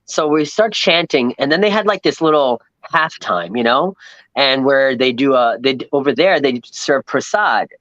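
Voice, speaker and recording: A man from Long Island, telling a rambling, animated travel story as a podcast guest and acting out the people he met. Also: mid-range voice, moderate pace, dry recording, highs cut off. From New York, Long Island. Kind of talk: casual storytelling chat.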